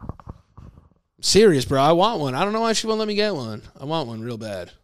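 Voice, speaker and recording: A man hosting a comedy podcast, rambling playfully with plenty of swearing and now and then dropping to a hushed voice. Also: fairly high pitch, sing-song, fast, clear, resonant tone, no echo. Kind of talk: improvised comic singing and rambling chat.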